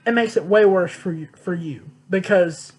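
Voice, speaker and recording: A man's voice: sits high, normal speed, breathy edge, low-quality recording. A young man vlogging, telling a personal story in a blunt, candid way and swearing freely. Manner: blunt, profane, emphatic.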